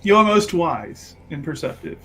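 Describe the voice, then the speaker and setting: A man voicing a courtly companion in a tabletop game, speaking in a halting, rambling way. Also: a little high, big pitch swings, fairly bright tone, breathy edge, faint music behind, exaggerated voice. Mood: earnest. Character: hesitant courtly companion addressing a prince.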